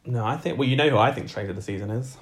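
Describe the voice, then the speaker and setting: A man's voice: mid-range voice, racing. A man co-hosting a podcast, teasing in wry, casual chat. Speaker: podcast co-host.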